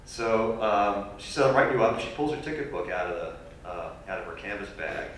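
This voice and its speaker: A man telling a funny personal story as a guest speaker at a university lecture, animated and self-deprecating. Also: on the low side, fairly quick, a little hiss or hum. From New York. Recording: echoey hall recorded from far off.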